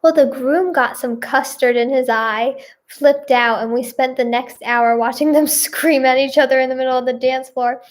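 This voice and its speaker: A woman's voice: sits high, steady tone, normal speed. A woman giving casual reaction commentary, reading posts aloud with giggly, exclamatory remarks. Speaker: singer and video creator.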